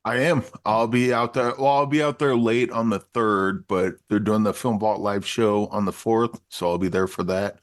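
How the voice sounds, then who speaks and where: A man co-hosting a movie podcast in relaxed, casual chat, halting often with fillers. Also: lowish voice, dry recording, studio quality. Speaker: podcast co-host.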